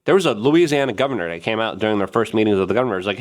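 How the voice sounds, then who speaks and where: Excitable man ranting to camera. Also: on the low side. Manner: excitable, emphatic ranting with rapid repetition; mimics other people in raised, mocking voices. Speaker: online news show host. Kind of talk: opinion commentary to camera. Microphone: camera-mounted.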